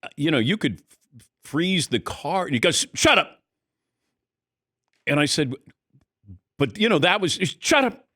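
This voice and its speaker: A middle-aged man hosts a sports talk show with a lively, rising-and-falling voice that swings widely from phrase to phrase. He tells animated stories and acts out quotes in a casual studio chat. The sound is close and dry, with no room around it. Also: on the high side, normal speed, long pauses, dry recording. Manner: animated storyteller, acts out quotes, laughs mid-sentence. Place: radio studio.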